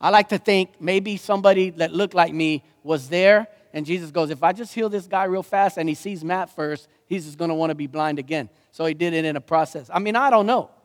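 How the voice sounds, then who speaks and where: A man preaching a sermon as a pastor, animated and joking, slipping into playful voices. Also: fairly high pitch, a little fast, hardly any pauses, long reverb tail.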